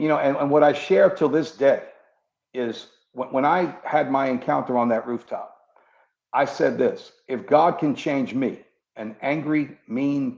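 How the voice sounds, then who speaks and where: In an interview, a former cop turned preacher from New York gives a heartfelt testimony of his conversion, voicing the remembered conversations himself. He has a gravelly, slightly mellow mid-range voice, and the room sounds muffled and echoey.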